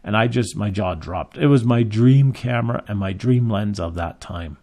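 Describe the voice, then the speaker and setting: Gravelly man telling a photography story. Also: moderate pace. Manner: lively storyteller, acts out quotes with big pitch jumps. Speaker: photography shop owner and teacher. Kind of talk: anecdotal storytelling lesson.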